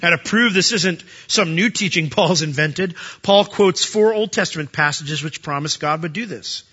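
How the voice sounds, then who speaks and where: Husky-voiced man preaching a sermon. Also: fairly high pitch, moderate pace, lo-fi sound. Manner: animated preaching, acting out quoted voices. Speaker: pastor.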